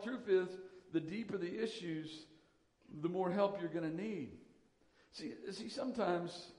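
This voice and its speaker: A man's voice: sits high, a little mellow, roomy sound, big-room sound. A man preaching a sermon as pastor, emphatic and repeating his key lines.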